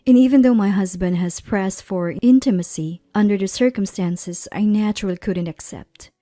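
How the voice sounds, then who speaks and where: A woman in her thirties narrating a personal story in a measured, plaintive way. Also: medium pitch, dark tone, no room sound, clean studio sound. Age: 30s.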